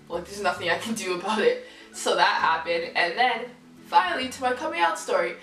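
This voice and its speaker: A young woman telling a personal story to camera in a candid, lively, swearing casual style. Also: medium pitch, brisk. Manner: candid, lively, swears freely, acts out quoted people. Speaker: vlogger. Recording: roomy echo, voice from far off mic, faint music.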